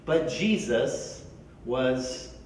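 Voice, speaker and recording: A man preaching a sermon as a pastor, animated and often repeating words as he starts a sentence. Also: medium pitch, very slow, very echoey, distant mic, slight background noise, rough recording.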